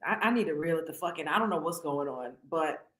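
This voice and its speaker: A woman hosting a live celebrity gossip show, talking in a blunt, profane and animated way. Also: low-pitched, fast, roomy sound, background noise. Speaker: host.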